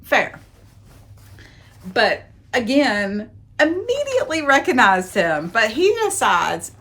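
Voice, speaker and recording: Slow, sarcastic woman recapping a romance novel. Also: a little high, sing-song, fairly bright tone. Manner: wry, sarcastic asides, dramatic emphasis. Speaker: book reviewer and podcast host.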